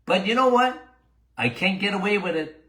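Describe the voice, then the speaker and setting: Older male doctor-host, casual Q&A podcast, emphatic, laughs a lot, slightly high bright voice, echoey room. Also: moderate pace. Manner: animated, emphatic, repeats himself, laughs often.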